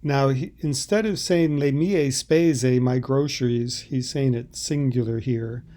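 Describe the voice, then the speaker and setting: A man teaching Italian explains subtitle translations in a halting, thoughtful way. His voice is mid-range with a warm tone.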